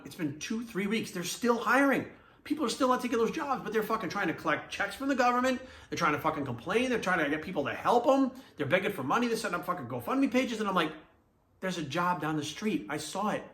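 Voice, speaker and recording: Fast, high-pitched ranting man, profane. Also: a bit bright, roomy sound. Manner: angry, profane, blunt lecturing. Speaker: fitness coach. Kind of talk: ranting to camera.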